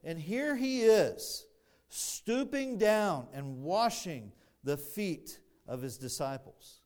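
A man preaching an expository sermon, slow and deliberate, building louder on emphatic phrases, with dry asides to the congregation. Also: sits high, expressive. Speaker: pastor.

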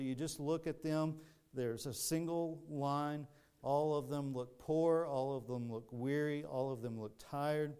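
A man's voice: medium pitch, warm tone, smooth. A man preaching a sermon in an earnest way, often repeating words and restarting his sentences. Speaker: pastor.

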